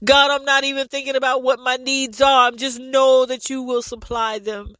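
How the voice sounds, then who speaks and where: A woman leading a fervent spoken prayer, pleading and repeating lines, at times rising to shouts and speaking in tongues. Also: sits high, little pitch movement, normal speed, dry recording. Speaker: prayer leader.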